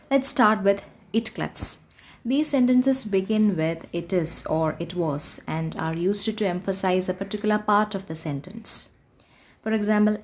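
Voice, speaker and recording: A woman's voice: mid-range voice, darkish tone. A woman teaching an online grammar class, explaining patiently and reading out example sentences.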